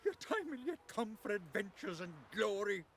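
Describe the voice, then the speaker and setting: A man's voice: high voice, sing-song, moderate pace, fairly bright tone, slight background noise, exaggerated voice. An actor playing a weary, grieving old father in a video game, with a quavering voice.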